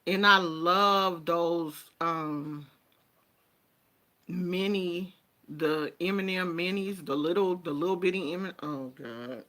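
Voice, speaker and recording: Slow-talking, chatty woman vlogger. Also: on the low side, bright, forceful tone. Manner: chatty, laughs often while telling stories. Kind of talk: casual chat to viewers.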